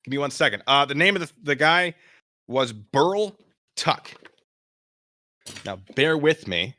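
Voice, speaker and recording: A man streaming as he reads a mystery story aloud, with lively, chatty, self-mocking asides. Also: a little high, a little fast. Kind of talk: livestream read-aloud, casual asides.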